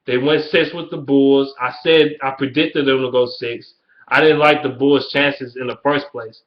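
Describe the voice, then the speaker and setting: A young man in his early twenties with a Detroit accent, talking at a middling pitch. He rants heatedly and curses nonstop in a casual vlog style. The audio is dull and lo-fi, like a basic webcam recording. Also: steady tone, normal speed. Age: early 20s. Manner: blunt, heated, swears constantly. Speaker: YouTuber. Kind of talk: profane casual rant.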